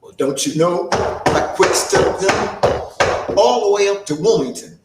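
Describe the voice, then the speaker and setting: Guy acting out a young farm boy turned soldier, folksy, slow and high-ish voice, kinda far off the mic. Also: lively intonation, roomy sound, very noisy. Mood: reminiscing. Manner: folksy dialect, unhurried storytelling. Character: earnest young farmhand turned soldier, plainspoken. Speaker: storyteller. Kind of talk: first-person historical storytelling in character.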